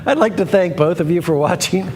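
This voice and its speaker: Chatty male auctioneer, slightly high voice. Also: fairly quick, crowd noise. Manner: chatty, joking, repeats words while selling. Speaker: TV art auction host. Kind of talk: live auction sales patter. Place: TV studio.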